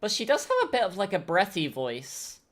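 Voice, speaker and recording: A woman's voice: medium pitch, very animated, moderate pace. A woman streaming a game, chatting casually and thinking aloud as she plays.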